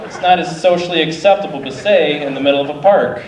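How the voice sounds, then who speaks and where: A man's voice: on the high side, brisk, hardly any pauses, distant mic. A male stand-up comedian doing a rambling, self-deprecating opening set live on a club stage. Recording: roomy live club, crowd noise. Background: audience laughter and ambient noise.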